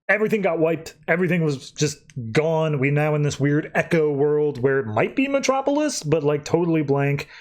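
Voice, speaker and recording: A young adult man on a podcast, casually recapping a comic in a loose, rambling way and jumping into quick voices for quoted lines. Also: fairly high pitch. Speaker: podcast co-host.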